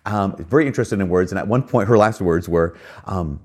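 A man's voice: low voice, fairly quick, a little mellow. A man giving a reflective spoken talk, earnest and conversational, with frequent fillers and emphatic rises.

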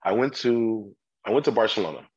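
Husky, low-voiced man telling stories. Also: brisk, highs cut off. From California. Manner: animated storyteller, acts out customers' voices. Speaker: sommelier guest. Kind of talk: casual chat.

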